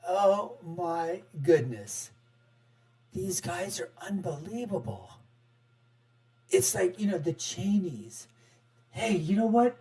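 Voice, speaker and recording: A middle-aged man hosting an online political commentary show, sarcastic and animated, with chuckling asides. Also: sits high, takes it slowly, long pauses. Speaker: host.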